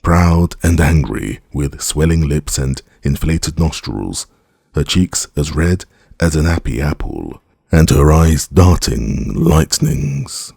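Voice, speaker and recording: A man reading a classic novel aloud as an audiobook narrator, in a measured, expressive way. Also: rumbling low, gravelly, slightly rough, no room sound, clean studio sound.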